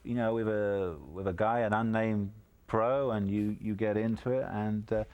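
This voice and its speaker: A man appearing as a guest on a call-in golf show, chatting casually and telling lively anecdotes. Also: lowish voice, normal speed, highs cut off. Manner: animated storyteller, chuckles through anecdotes. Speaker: guest golfer. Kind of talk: casual chat.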